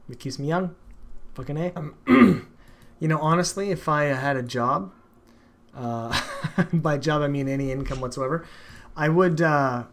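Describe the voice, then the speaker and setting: A man's voice: on the high side, unhurried, slight background noise. Swearing man ranting on stream. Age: adult father. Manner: ranting, emphatic, swears often. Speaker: streamer, show host. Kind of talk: casual profane chat.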